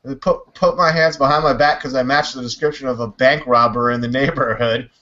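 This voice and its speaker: A man hosting a casual online talk show, telling stories with a loose, animated delivery and swearing freely. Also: mid-range voice, fairly quick, highs cut off. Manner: animated storyteller, swears, mimics others. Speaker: podcast host. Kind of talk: casual chat.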